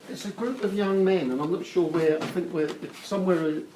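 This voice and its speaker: A man who is a politician telling a measured anecdote on a talk show. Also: sits high, steady tone, mellow. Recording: noisy played-back clip.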